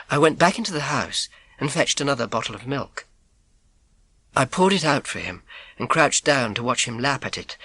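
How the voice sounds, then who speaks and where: Bright, lively male storybook narrator. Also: medium pitch, slightly rough, no echo. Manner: expressive, suspenseful storytelling. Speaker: audiobook narrator. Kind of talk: first-person storybook narration.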